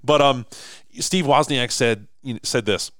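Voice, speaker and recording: A man in his thirties co-hosting a podcast, telling stories with lively acted-out quotes. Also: medium pitch, unhurried, dry recording, clean studio sound. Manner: animated storyteller, acts out quotes. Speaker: podcast co-host. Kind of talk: casual podcast chat.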